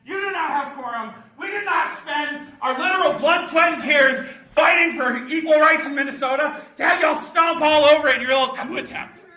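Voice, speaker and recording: Woman protester yelling profane defiance, piercing high voice. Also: moderate pace, few pauses, reverberant, poor audio. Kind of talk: shouted protest confrontation. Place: state legislature committee room, indoors.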